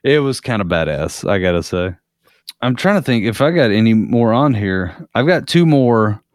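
A man's voice: on the low side, lively intonation, normal speed, no echo, clean studio sound. A man in a casual podcast chat, a profane, rambling storyteller.

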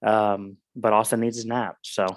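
Male co-host, reflective and measured, monotone delivery. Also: fairly low pitch, no room sound. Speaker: podcast co-host. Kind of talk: casual chat.

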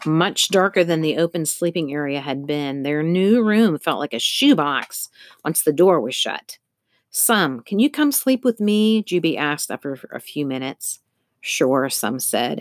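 A woman with a low voice narrates a novel, reading expressively and shaping each scene with care. The recording is dry and close, with no room sound. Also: no echo. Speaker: audiobook narrator. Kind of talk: scripted narration.

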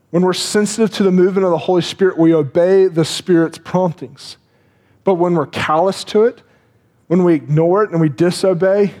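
Earnest man preaching, slightly high voice. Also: a little mellow. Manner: earnest, repeats words, acts out inner voices. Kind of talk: sermon.

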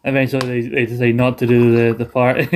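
A man's voice: mid-range voice, flat delivery, a little fast, noisy background. A man hosting a casual chat, rambling through his favourite TV episodes, laughing often and trailing off mid-sentence. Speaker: podcast host.

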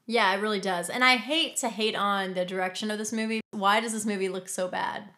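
A woman's voice: medium pitch, steady tone, a little fast, bright, forceful tone. A woman giving blunt, opinionated takes on a film in a casual panel chat. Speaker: film critic. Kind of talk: casual discussion.

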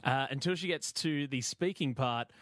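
A man's voice: normal speed, fairly bright tone, no echo. A man co-hosting a podcast, rambling through a story in casual chat and jumping into voices to act it out. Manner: rambling storyteller, acts out voices with big pitch jumps. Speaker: podcast co-host.

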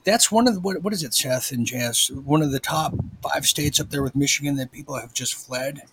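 A man's voice: a little high, fairly quick, background noise. Chatty male live-stream host. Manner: chatty, reads viewer comments aloud. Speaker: show host. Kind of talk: casual live-stream chat.

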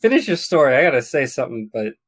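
A man's voice: medium pitch, big pitch swings, quick pace, a bit bright, slightly rough, no echo. A man co-hosting a podcast, chatting casually, swearing and breaking in with short reactions. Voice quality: profane, reacting with interjections. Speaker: podcast co-host. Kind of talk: casual chat.

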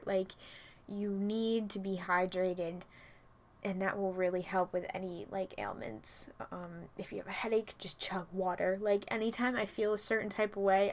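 Young woman host, casual chatty delivery, slightly winded, breathy asides. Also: medium pitch. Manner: chatty, frequent "like" and "you know", soft breathy asides. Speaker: podcast host. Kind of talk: casual solo chat.

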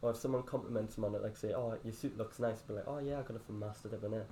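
A man's voice: lowish voice, steady tone, racing, warm tone, a little hiss or hum. A man hosting a casual interview, who chimes in to finish and build on his guest's points. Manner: finishes the guest's thoughts, adds his own take. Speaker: podcast host.

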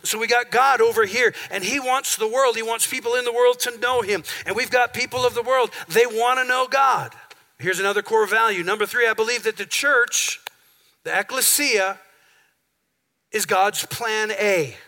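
A man's voice: very high-pitched, normal speed, pushed and bright. A male pastor preaching a sermon in a church, talking conversationally and calling on the congregation for amens. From central Minnesota. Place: church sanctuary.

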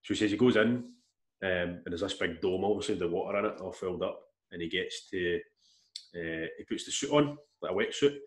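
A man telling a long story in casual chat, rambling and animated, with restarts and swearing. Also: deep voice, a little fast. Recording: echoey room.

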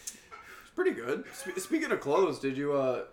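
A man's voice: a little high, wildly swooping pitch, unhurried, a little hiss or hum. A man co-hosting a live podcast in casual chat, crude and joking, laughing often. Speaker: podcast co-host. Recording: roomy echo.

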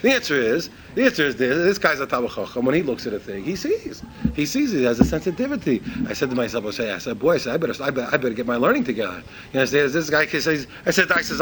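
An older man gives a quick, rambling Torah talk, his fairly high voice swinging up and down with a lot of expression. He restarts his sentences often and acts out the people in his stories. A faint hiss sits under the recording. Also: rough recording. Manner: animated storytelling, acts out dialogue in a raised voice; repeats and restarts phrases often. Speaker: rabbi teaching Torah.

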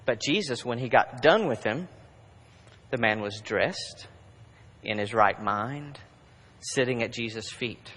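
A man's voice: medium pitch, takes it slowly, pauses often. Preaching man in a reverberant hall. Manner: conversational preaching, swinging between urgent bursts and hushed asides. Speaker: pastor. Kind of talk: sermon. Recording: long reverb of a large hall.

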